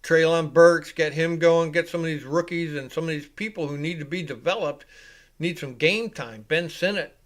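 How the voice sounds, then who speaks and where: A man with a fairly high voice hosting a live sports reaction show. He drifts from the game into rambling, profane asides, then jumps back in louder and higher to call the action. The talk is loose and unscripted, like chatting to viewers. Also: normal speed. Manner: rambling and casual, with profanity, rising and louder when calling plays. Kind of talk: live play-by-play reaction commentary.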